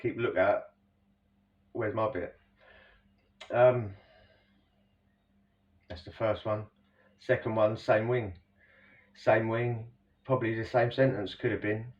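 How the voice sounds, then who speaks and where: A man talks in a low, easy voice, rambling through a story with slang and constant asides to the listener. He sits a little way back from the mic, and the recording sounds dull and lo-fi. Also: fairly even intonation, takes it slowly, pauses often, far from the mic. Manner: rambling, slangy, full of "you know" asides. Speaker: storyteller recounting prison life. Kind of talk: casual spoken storytelling.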